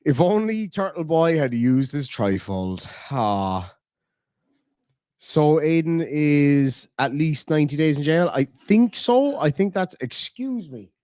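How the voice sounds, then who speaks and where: A man's voice: on the high side, very animated, takes it slowly, warm tone, no echo, studio quality. A man hosting a casual livestream, rambling loosely, swearing freely and reading out viewer messages. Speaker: livestream host. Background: dogs nearby.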